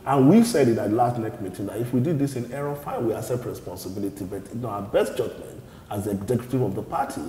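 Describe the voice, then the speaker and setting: A man, a party spokesman answering interview questions in a measured, explanatory way and often repeating words as he restarts. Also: fairly low pitch, warm tone, a little hiss or hum. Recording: echoey studio with long reverb.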